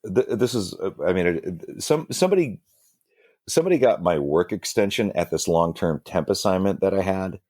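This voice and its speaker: A man's voice: sits low, lively intonation, normal speed, darkish tone, dry recording, clean studio sound. A man, a guest musician, telling rambling, self-deprecating stories in a casual interview, with lots of fillers and restarts. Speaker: guest musician, band singer.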